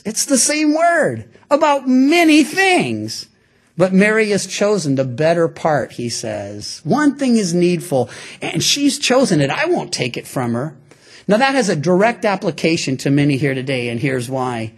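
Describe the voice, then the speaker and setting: A man preaching a sermon to his congregation, animated and acting out the voices of people in the stories he tells. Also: sits high, normal speed. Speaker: pastor. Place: church before a congregation.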